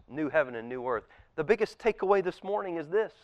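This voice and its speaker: A man preaching a sermon as pastor, impassioned and swinging between loud emphasis and hushed near-whispers. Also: on the high side, big pitch swings, brisk, few pauses, no room sound. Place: church auditorium.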